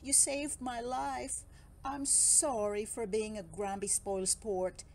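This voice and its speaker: A sulky little male pufferfish from a children's storybook, glum and put out, played by a woman reading aloud. He speaks slowly, each word drawn out with a sigh. A soft background hum is faintly there. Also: on the high side, fairly even intonation, gravelly. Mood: grateful.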